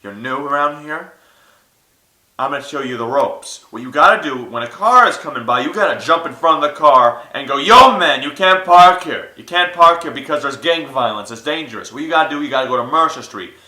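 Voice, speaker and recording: A man voicing a streetwise one-eyed homeless man who coaches loudly in street slang, in a roomy recording. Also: fairly high pitch, brisk, pitched above the performer's own voice. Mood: coaching. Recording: roomy echo.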